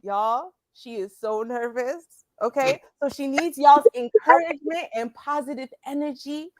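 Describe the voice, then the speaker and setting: A young woman co-hosting a casual livestream chat, loud and playful as she hypes up her co-host. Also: high voice, a little slow, background noise.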